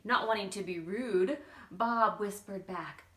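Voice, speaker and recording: A woman reading a children's picture book aloud, animated and slow, with playful asides to the young listeners. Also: medium pitch, echoey room.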